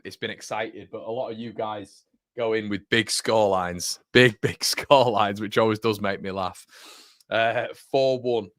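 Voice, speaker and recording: A man with a lowish voice hosts a fan livestream, chatting casually, reading viewer comments, and rambling with frequent self-corrections while calling everyone "mate." The audio is studio quality with no room sound.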